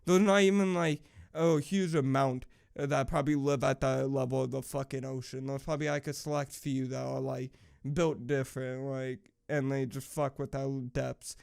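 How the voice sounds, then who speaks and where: A man's voice: medium pitch, flat delivery, normal speed, vocal fry, darkish tone, clear, resonant tone. A young man vlogger ranting casually, profane and rambling with lots of fillers. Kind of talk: casual rant.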